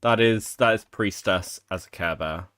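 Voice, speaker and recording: A man's voice: fairly low pitch, moderate pace, fairly bright tone, clear, resonant tone, dry recording, clean studio sound. A man giving casual, profane, amused commentary on a clip during a stream. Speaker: stream co-host reacting to a clip. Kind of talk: reaction commentary.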